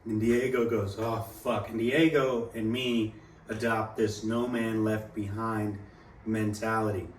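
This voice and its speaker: A young man tells a story casually, rambling, swearing freely and quoting people with animation. His fairly low voice is unhurried, recorded at a distance in an echoey room with faint background noise.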